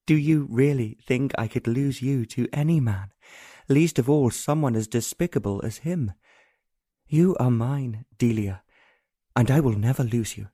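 A protective English nobleman, voiced by a male narrator in a romance audiobook, quiet and earnest. The voice is mellow and warm, recorded dry and close. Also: medium pitch, a little slow, breathy edge, dry recording. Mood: tender, resolute.

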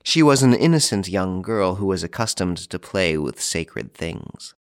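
A man reading a classic novel aloud in a measured, formal narration. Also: low voice, sing-song, no room sound, clean studio sound. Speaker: audiobook narrator. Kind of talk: scripted narration.

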